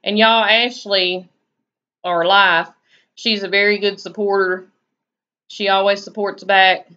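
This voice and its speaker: A woman's voice: mid-range voice, little pitch movement, takes it slowly, pushed and bright. A woman with a Southern US accent, chatting casually on her live stream and answering viewers' comments in a laid-back, drawling way. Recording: dull lo-fi stream audio.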